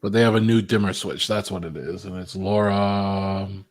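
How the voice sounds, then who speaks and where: Man, very deep voice, podcast co-host, laid-back joking banter, dry sound. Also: steady tone, normal speed, no room sound. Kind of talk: casual chat.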